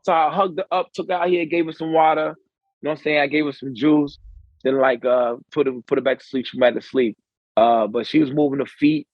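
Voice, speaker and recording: A man's voice: a little high, steady tone, fairly quick, no echo. A man co-hosting a podcast, telling stories in loose casual chat with plenty of swearing. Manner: loose storytelling with frequent swearing. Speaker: podcast co-host. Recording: dull lo-fi podcast audio.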